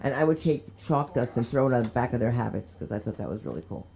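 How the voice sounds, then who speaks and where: A woman from New Jersey hosting an open mic night, doing stand-up bits between introductions, laughing often and shouting during stories. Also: very deep voice, expressive, fast, creaky, a loud crowd. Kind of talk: stand-up comedy and emceeing.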